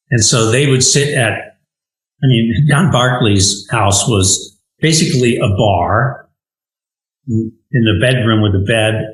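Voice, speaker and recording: Older man telling stories in a roomy space. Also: fairly low pitch. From United States. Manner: earnest, warm storytelling with emphatic rising phrases. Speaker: animator, interview guest. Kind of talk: reflective storytelling in conversation. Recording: roomy echo.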